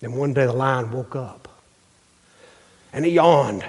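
A man's voice: medium pitch, darkish tone, husky. Emphatic preaching man in echoing hall. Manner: emphatic, rhythmic preaching with dramatic pauses. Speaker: pastor. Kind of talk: sermon. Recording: long hall reverb.

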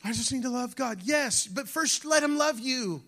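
A pastor preaches a sermon with animation, calling out to the congregation and shifting from shouts down to near-whispers at times. His voice is very high and moves at normal speed.

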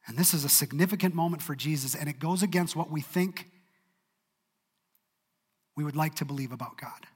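A man preaching a sermon in a church, expressive and dramatic in his delivery. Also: fairly high pitch, brisk, husky, long reverb tail. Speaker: pastor.

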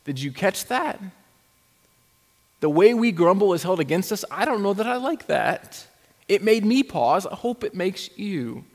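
A man's voice: high-pitched, sing-song, measured pace, darkish tone. A male pastor delivers a sermon in a slightly raised register, mixing rhetorical questions with wry, self-aware asides. The sound carries a long, lingering reverb, as if picked up in a large church sanctuary.

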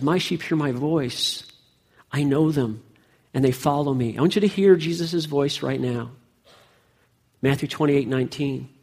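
Husky-voiced preaching pastor. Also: male voice, on the high side. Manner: emphatic, rising and falling preaching delivery. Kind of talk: sermon.

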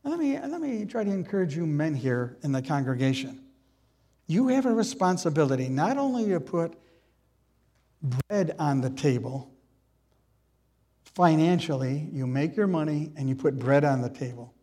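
A middle-aged man delivers a sermon from the pulpit, his voice sitting slightly high for a man. He keeps checking in with his congregation through direct questions. The sanctuary adds a long, trailing reverb to every phrase. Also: big pitch swings, normal speed, mellow. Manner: asks the congregation many questions. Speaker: pastor. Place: church sanctuary.

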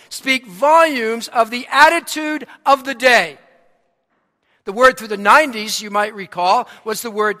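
A man with a Boston accent preaching a sermon, emphatic, moving from soft prayer to loud, forceful points. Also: very high voice, measured pace, long reverb tail. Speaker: pastor. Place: church sanctuary.

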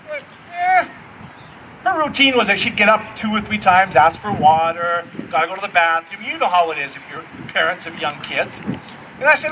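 A middle-aged man preaching a storytelling sermon as pastor, animated and acting out the voices in his stories. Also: sits high, moderate pace, recorded from a distance, a little hiss or hum, low-quality recording.

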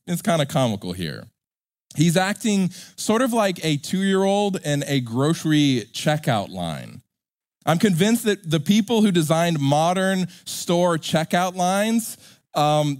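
A pastor preaching a sermon in an animated, joking way, acting out characters. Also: male voice, a little high, no echo, clean studio sound.

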